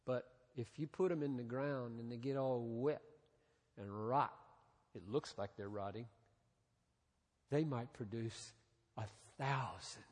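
A man preaching a sermon as a pastor, with dramatic pauses, dropping soft and then rising again. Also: medium pitch, breathy edge. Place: large church hall. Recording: reverberant hall.

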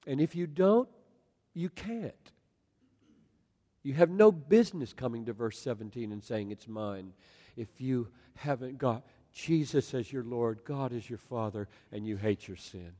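A man preaching a sermon in a large hall, swinging from loud exclamations to soft near-whispers. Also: mid-range voice, unhurried. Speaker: pastor. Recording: long hall reverb.

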